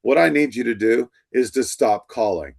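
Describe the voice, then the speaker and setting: A man's voice: medium pitch, normal speed, gravelly, darkish tone. A middle-aged male instructor lecturing to a class, telling stories and acting out the dialogue. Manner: storytelling, acts out quoted dialogue.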